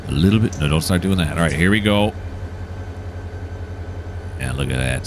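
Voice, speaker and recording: A man's voice: on the low side, lively intonation, fairly quick, long pauses, fairly bright tone, a little hiss or hum. A man giving casual, enthusiastic commentary while playing a train simulator, explaining each step as he goes. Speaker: gameplay streamer.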